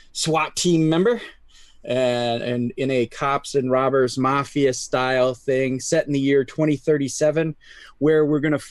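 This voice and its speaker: A man's voice: mid-range voice, no echo. Rambling man plugging his games. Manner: rambling, many fillers and restarts. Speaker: tabletop game player. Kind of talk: casual chat.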